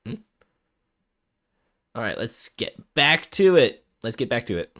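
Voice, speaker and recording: His voice sits in the middle range with a sing-song lilt, a slightly slow pace and a somewhat bright tone. He's streaming a visual novel, chatting with viewers, reading the narration out loud, and repeating himself as he gets flustered.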